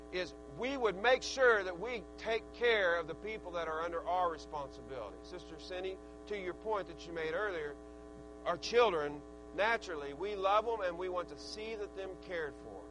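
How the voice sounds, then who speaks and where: Guy preaching, kinda high voice, folksy and earnest, little hum in the back. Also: lively intonation, moderate pace. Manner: folksy and earnest, with swings of loudness. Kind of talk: sermon.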